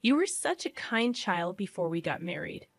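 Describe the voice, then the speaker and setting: A woman voicing a scheming, pushy older mother-in-law with an unusually high, wheedling voice. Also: big pitch swings, moderate pace, gravelly. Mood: aggrieved.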